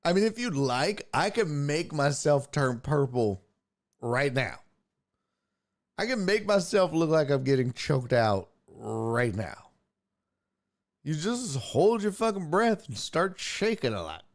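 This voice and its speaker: This young man hosts a laid-back sports podcast, clowning around and swearing without restraint. His voice sits fairly high and moves slowly, and his delivery is lively, profane and jokey.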